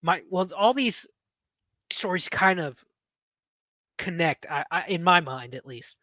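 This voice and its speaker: Chatty, high-voiced man. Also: animated, unhurried, pushed and bright, no echo. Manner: rambling, self-interrupting storyteller. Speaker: podcast host. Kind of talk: casual storytelling chat.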